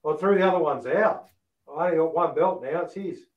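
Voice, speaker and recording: A man's voice: fairly high pitch, a little fast, muffled recording. A man hosting a podcast, swearing and enthusiastic in casual banter. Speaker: podcast host. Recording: roomy echo.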